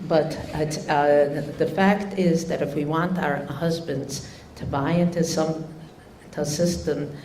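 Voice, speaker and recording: A woman's voice: sits low, mellow, a little hiss or hum. An older woman giving a religious talk to an audience, telling a story unhurriedly with many fillers and restarts. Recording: echoey room.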